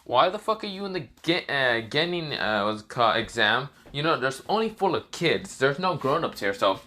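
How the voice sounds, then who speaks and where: A man doing a hot-headed young ninja who curses bluntly at his enemy. the voice sounds bright and pointed, close to the narrator's own everyday tone. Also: medium pitch, very animated, normal speed. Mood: mocking. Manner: blunt and profane. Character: angry young male ninja hero, foul-mouthed.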